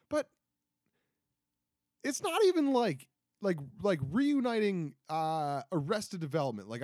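A man in his twenties hosts a casual solo podcast, rambling, self-deprecating, and restarting often. His voice sits high with a darkish tone, captured on a close podcast mic with studio quality and no room sound.

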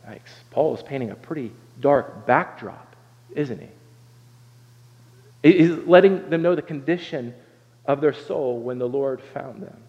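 A man's voice: mid-range voice, measured pace, long pauses. A man from Southern Ohio preaching a sermon as pastor, earnest and conversational, often stopping to ask "right?" and restarting phrases. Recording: dull sound with long hall reverb.

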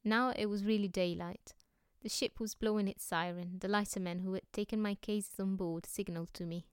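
A woman reading a novel aloud as narrator, in a measured, expressive way. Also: mid-range voice, clean tone, no room sound, studio quality. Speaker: audiobook reader for a library.

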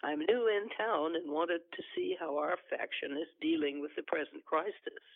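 A man's voice: on the high side, moderate pace, creaky. A man reading aloud voices a young male spy posing as a loyal partisan, who answers questions eagerly and readily. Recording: dry, tinny phone line.

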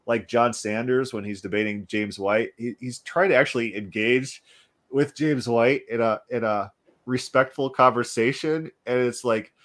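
A man hosting a relaxed talk show. His voice sits at a middle pitch, and he talks in an animated way that often doubles back and restarts. It sounds like easy conversation with a guest. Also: moderate pace. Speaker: podcast host. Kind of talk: casual discussion.

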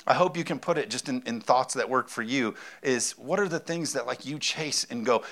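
A man's voice: medium pitch, normal speed, few pauses, a bit bright. A man preaching a sermon as pastor, talking in a conversational, emphatic way and repeating his key phrases.

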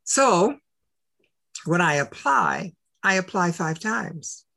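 Gravelly older man, lively storyteller. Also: sits high, takes it slowly. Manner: emphatic, asks rhetorical questions. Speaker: interview guest. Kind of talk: animated personal storytelling.

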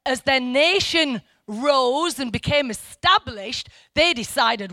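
A woman's voice: high voice, expressive, takes it slowly, few pauses, pushed and bright, dry recording, clean studio sound. A middle-aged woman from England giving an informal, chatty Bible teaching that wanders off track and then presses hard on her key points. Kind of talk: informal Bible study talk.

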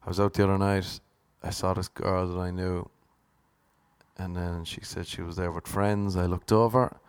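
A young man hosting his own podcast, telling rambling comic stories with deadpan asides. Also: sits low, moderate pace, clean tone, no room sound. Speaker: podcast host. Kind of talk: casual comedic monologue.

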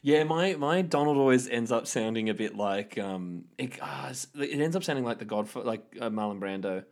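A man's voice: medium pitch, expressive, moderate pace, darkish tone. A man co-hosting a casual podcast chat in an easygoing, self-deprecating way. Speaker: podcast co-host.

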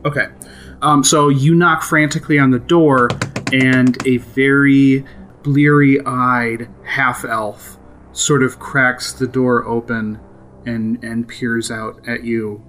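Male game master, mid voice, relaxed and amused narration, soft music under. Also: medium pitch, takes it slowly. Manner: relaxed, filler-heavy, amused.

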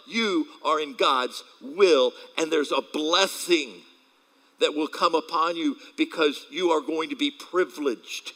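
A man's voice: on the high side, pushed and bright, low-quality recording. A male pastor preaching a casual sermon, telling stories with acted quotes and laughing along as he talks.

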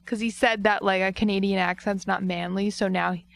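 A tired woman co-hosting a podcast in casual chat, laid-back and quick to laugh. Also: medium pitch, steady tone, vocal fry. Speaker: podcast co-host.

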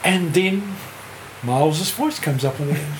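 This podcast guest, an older music writer from New Zealand, delivers a meandering anecdote full of laughter and free swearing. He speaks at a measured pace in a high-pitched voice with lively intonation; the recording has room echo and a faint hiss.

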